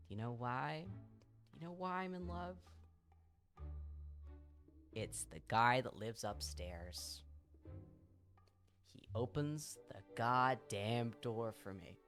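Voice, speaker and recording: A man telling a long story on a live stream in a lively, profane way, full of fillers and bursts of laughter. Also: medium pitch, slow, long pauses, faint music behind.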